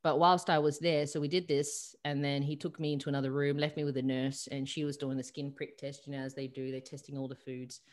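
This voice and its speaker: An Australian woman, a holistic coach, telling a personal story over a video call, lively and full of fillers. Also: extremely low pitch, brisk, few pauses. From South Australia. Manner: animated retelling with acted-out quotes and many fillers. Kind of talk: storytelling in an interview.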